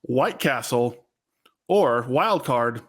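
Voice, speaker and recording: A man running a quick lightning-round quiz in an upbeat manner within a casual interview. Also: medium pitch, expressive. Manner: upbeat, quiz-style delivery. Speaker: lightning-round questioner, fan co-host.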